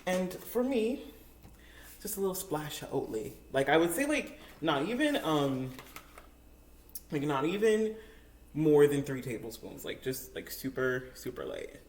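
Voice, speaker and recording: Her low-pitched voice is very animated, a little slow and a little mellow as this young cooking vlogger shares a casual story in her home kitchen. Giggly and chatty, she packs in likes and ums, and the makeshift-tripod camera gives a roomy sound with a little hiss or hum.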